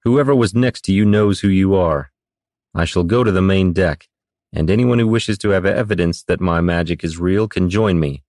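A man voicing a bookish young wizard who speaks in stiff, old-fashioned, formal phrases. His low voice carries a proud, measured tone and sounds dry and close, in a fantasy storybook reading. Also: a little mellow, no echo, close to an everyday voice. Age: young adult.

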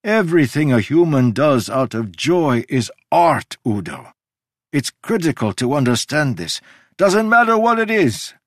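A man voicing an ancient male god who lectures in a sweeping, emphatic way, with sudden jumps in pitch. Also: very animated, a little slow, dry recording, studio quality. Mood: earnest. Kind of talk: audiobook character reading.

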